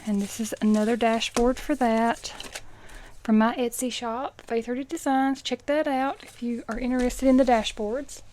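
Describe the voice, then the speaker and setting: A middle-aged woman talks in a relaxed, casual way while she counts money out loud. She adds chatty asides between the counts, and now and then drops into a soft whisper. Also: a little high, moderate pace, a little hiss or hum. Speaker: budgeting vlogger.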